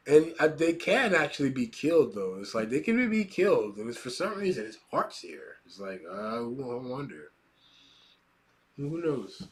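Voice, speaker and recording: A man hosting a manga reaction video, excitable and swearing often, who reads panels aloud in a hushed voice between bursts of laughing commentary. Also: mid-range voice, moderate pace.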